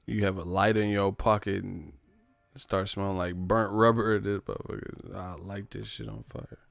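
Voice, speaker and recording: The young man streaming here has a fairly low, creaky voice delivered flatly at normal speed, close to the mic with no echo. Despite the flat tone, he rants comedically and casually, telling profane stories, reading names from the chat, and laughing loudly.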